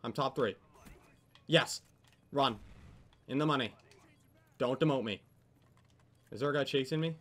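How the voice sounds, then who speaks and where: A young man giving live commentary over a video game, swearing often and yelling when things go wrong. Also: medium pitch, unhurried, pauses often. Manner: swears a lot, yells when frustrated. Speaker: gaming commentator.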